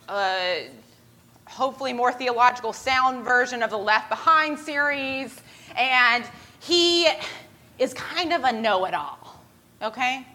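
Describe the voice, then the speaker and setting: A woman's voice: high-pitched, pushed and bright. A woman preacher leading a skit with volunteers, talking in a chatty, self-deprecating storytelling way. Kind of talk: casual storytelling sermon.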